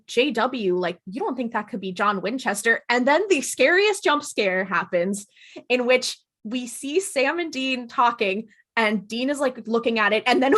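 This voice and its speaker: A woman with a fairly high voice co-hosts a casual podcast. She recaps a TV episode in an animated way and slips into the characters' lines as she goes. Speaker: podcast co-host.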